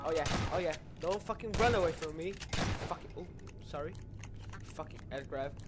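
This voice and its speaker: A young man playing a horror game on his channel, swearing loudly and yelling in panic. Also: fairly high pitch, a little slow, pauses often. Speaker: gaming channel host. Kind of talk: horror game let's play. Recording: noisy with game gunfire behind.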